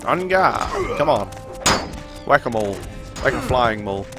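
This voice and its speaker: A man's voice: mid-range voice, normal speed. New Zealand man chatting over game music. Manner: relaxed, rambling, laughs often. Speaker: game streamer. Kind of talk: casual chat while playing, reading out chat.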